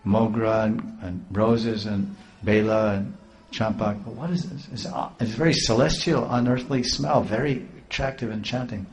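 A man's voice: fairly low pitch, steady tone, normal speed. A man telling a devotional story in a rambling, repeating way. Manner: rambling, with many restarts.

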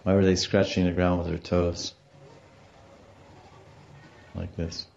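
Mellow-voiced man giving a storytelling lecture. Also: low voice, completely flat delivery, takes it slowly, creaky, highs cut off. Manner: storytelling, explaining Sanskrit terms, acts out quotes. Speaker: religious teacher. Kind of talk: devotional scripture lecture.

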